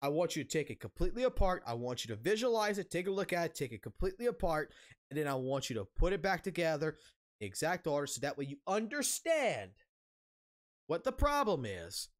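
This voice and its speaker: High, animated, swearing male ranter. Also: fairly quick. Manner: angry, heavily profane ranting; blunt, repeats himself for emphasis. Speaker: streamer. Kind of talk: casual rant.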